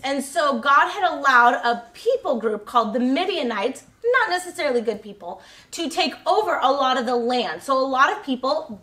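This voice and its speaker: A woman's voice: high voice, pushed and bright. A woman retelling a Bible story for children in a casual, rambling way, with lots of fillers and self-corrections.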